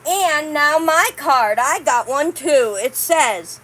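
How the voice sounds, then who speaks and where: A woman hosting a casual vlog, chatting with her viewers and reading cards aloud in a warm, drawn-out way. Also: sits high, animated, rough recording. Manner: warm, reads cards aloud slowly, chatty asides to "guys". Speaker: channel host.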